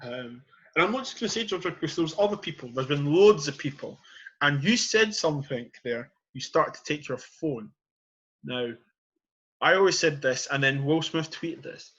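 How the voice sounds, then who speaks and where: A man's voice: fairly high pitch, expressive, moderate pace, a bit bright, slightly rough, dull audio. A man hosting a podcast, arguing his point with passion and leaning on "you know" and "period". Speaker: podcast host. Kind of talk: passionate casual debate.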